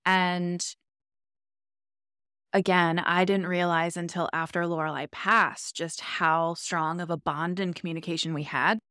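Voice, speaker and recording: A woman's voice: on the low side, fairly even intonation, a little slow, bright, forceful tone, smooth, no echo, studio quality. A woman hosting a podcast, asking thoughtful questions in a conversational way. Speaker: podcast host. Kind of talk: casual interview talk.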